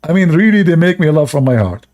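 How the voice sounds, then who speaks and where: A man's voice: on the high side, big pitch swings, fast talker, darkish tone. A man giving sarcastic live-stream commentary in non-native English while reading stories aloud, often breaking into laughter. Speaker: streamer commenting on religious texts.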